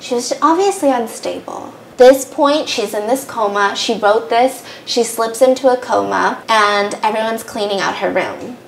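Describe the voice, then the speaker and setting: A woman's voice: fairly high pitch, normal speed, gravelly, hardly any pauses. Chatty young woman retelling a story. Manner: animated, fillers like "like". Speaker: podcast host. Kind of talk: casual storytelling. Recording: roomy with faint background noise.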